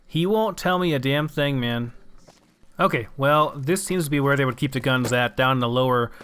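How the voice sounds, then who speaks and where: A man's voice: mid-range voice, normal speed, a bit bright, clean tone. A young man casually commenting on his game, musing aloud and swearing now and then. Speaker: gamer.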